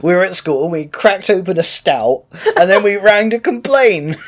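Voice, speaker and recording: A man's voice: high-pitched, lively intonation, normal speed. Teasing man recapping TV. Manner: playful, teasing, laughs often. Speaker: podcast co-host. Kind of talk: casual TV recap chat.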